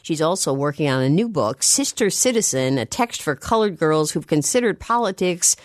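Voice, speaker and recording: A woman hosting a public radio call-in interview, measured and clear, reading out details slowly. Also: low voice, animated, dry recording, clean studio sound. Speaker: radio talk show host. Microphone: studio microphone.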